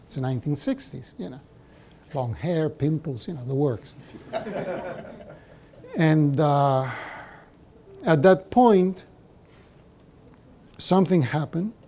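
Man in his sixties, native Spanish speaker with a Cuban accent, very dark and mellow tone, wry and reflective. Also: mid-range voice, a little hiss or hum. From Cuba. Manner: wry, repeats phrases for emphasis. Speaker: poet being interviewed. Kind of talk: reflective storytelling interview.

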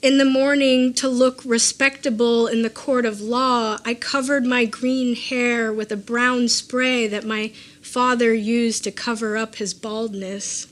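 A woman reading aloud from her own personal essay in a measured, deliberate way, with dry offhand asides. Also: a little high, little pitch movement.

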